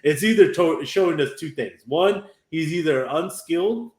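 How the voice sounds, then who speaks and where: A man's voice: a little high, lively intonation, moderate pace. A man hosting a podcast who chats casually and rambles, tagging his points with "right?". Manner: rambling, tags lines with "right?". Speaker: podcast host. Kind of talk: casual chat. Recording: roomy echo.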